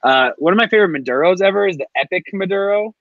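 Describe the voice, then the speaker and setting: A man, a guest on a podcast, telling stories casually in an animated, filler-heavy way. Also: sits high, quick pace, no echo, highs cut off. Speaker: guest, co-host of a cigar show. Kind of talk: casual chat.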